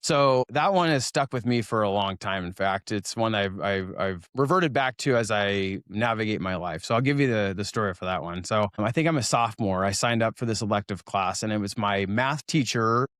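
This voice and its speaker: This Oregon man in his forties has a lowish, clear, resonant voice that's a bit bright, speaking at normal speed with hardly any pauses. The clean studio sound has no room noise as he recounts school-day stories in a casual interview, self-deprecating and laughing throughout.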